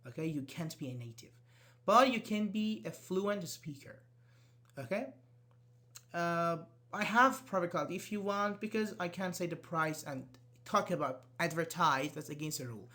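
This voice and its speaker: A man's voice: on the high side, normal speed, sharp tone. A man teaching English in a live online class, answering students' questions. He is not a native English speaker, uses loose grammar, and often repeats his words. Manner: casual, talks directly to students.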